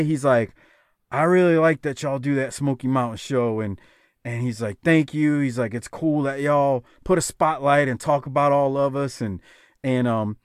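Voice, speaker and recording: A man's voice: medium pitch, no echo, studio quality. A man hosting a podcast, talking casually in a rambling, heartfelt way with many restarts. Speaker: podcast host.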